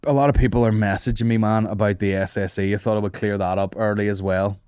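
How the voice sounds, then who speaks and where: A man's voice: on the low side, steady tone, fast talker, a little mellow, clear, resonant tone, no echo, studio quality. A young man, hosting a comedy podcast in a rambling, sweary monologue and laughing at his own jokes.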